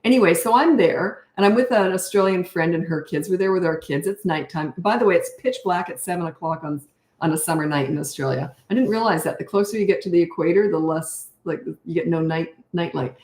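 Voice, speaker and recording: A woman's voice: fairly low pitch, fairly quick, a little mellow. An older woman from Canada, a parenting coach chatting casually on a live stream and telling rambling stories with frequent laughs. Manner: chatty, rambling storyteller who laughs often. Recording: roomy echo.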